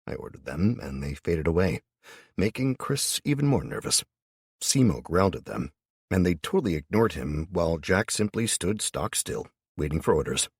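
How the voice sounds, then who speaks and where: Deep, husky male audiobook narrator. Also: very animated, normal speed, no echo, clean studio sound. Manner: casual, profane first-person storytelling. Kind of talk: scripted first-person narration.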